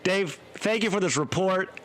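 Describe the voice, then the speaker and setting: A man's voice: high-pitched, normal speed, a bit bright. A man co-hosting a comedy podcast, playing a mock interviewer and laughing often. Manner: jokey interviewer, laughs a lot. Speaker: podcast co-host. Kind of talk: casual comedic banter.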